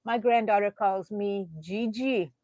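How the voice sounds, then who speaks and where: Middle-aged lady rambling on a crochet live, talks to herself a lot, medium pitch, dry sound. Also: steady tone, a little slow, warm tone, no echo. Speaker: crochet channel host. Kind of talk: casual chat during a livestream.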